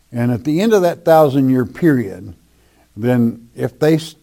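Male pastor, warm dark tone, blunt and plain-spoken, Bible Q&A. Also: mid-range voice. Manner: blunt, plain-spoken, slow emphatic spelling out. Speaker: pastor answering listener questions. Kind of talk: Bible question-and-answer teaching.

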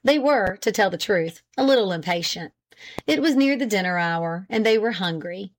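Reading from a script, a female audiobook narrator recounts a period novel in an even, measured voice. Her pitch sits in the mid-range.

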